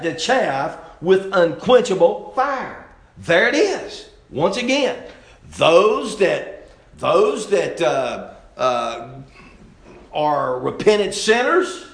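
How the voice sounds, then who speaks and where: Folksy preacher, echoey church. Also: male voice, sits high. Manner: folksy, emphatic, with restarts. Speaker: Baptist preacher. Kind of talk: sermon.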